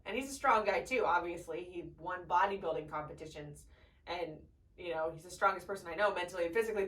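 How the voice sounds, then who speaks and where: A woman's voice: medium pitch, recorded from a distance, low-quality recording. Young woman vlogger, candid and profane, mic set a bit back. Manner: candid, swears freely, animated retelling with laughs. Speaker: vlogger telling her birth story. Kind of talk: casual storytelling to camera.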